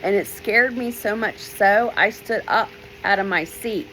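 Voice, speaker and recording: A woman's voice: mid-range voice, fairly bright tone, a little hiss or hum, rough recording. A woman, an author, telling a personal story from her childhood and acting out the voices she quotes. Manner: unhurried, starts many sentences with "well", acts out quoted voices.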